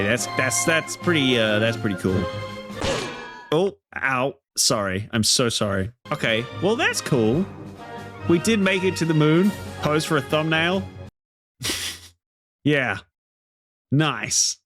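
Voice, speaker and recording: Excitable young man narrating gameplay over music. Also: mid-range voice. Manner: excitable, swears freely, panics aloud. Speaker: gaming YouTuber. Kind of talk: gameplay commentary. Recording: game music behind voice. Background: game music.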